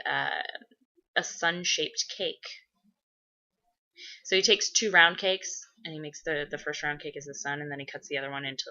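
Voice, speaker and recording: Woman vlogging, lowish bright voice, lots of ums and swearing, kinda muffled lo-fi audio. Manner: rambling and profane, with many fillers; bursts into loud excited gushing. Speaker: vlogger answering viewer questions. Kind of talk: casual chat. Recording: dull lo-fi recording.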